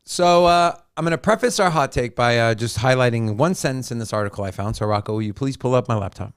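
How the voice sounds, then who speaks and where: A man's voice: medium pitch, fast, few pauses, clear, resonant tone, no room sound, clean studio sound. A man co-hosting a casual crypto chat, joking and teasing as he lays out his opinions. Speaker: co-host.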